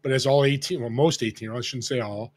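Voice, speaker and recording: A man in his sixties from Northern California, a podcast guest telling a story in an animated way and acting out the people he quotes. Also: medium pitch, fairly quick. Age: 60s. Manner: animated, acts out quoted dialogue. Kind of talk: casual storytelling.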